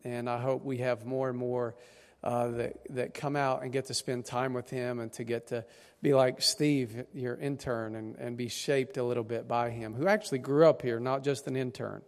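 A man with an East Tennessee hillbilly twang addresses a congregation, a little tired and full of folksy, self-deprecating humor. His voice is mid-pitched and rings out in a church hall with a long reverb. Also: fairly even intonation, moderate pace, a little mellow. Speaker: district superintendent, guest preacher. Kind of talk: sermon introduction. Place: church sanctuary.

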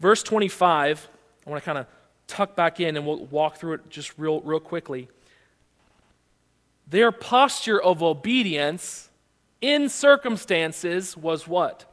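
A male pastor delivers a sermon with a notably high voice, asking his listeners questions as he retells the story. His words ring out with a long reverb in a big hall. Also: takes it slowly. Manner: animated storytelling with rhetorical questions.

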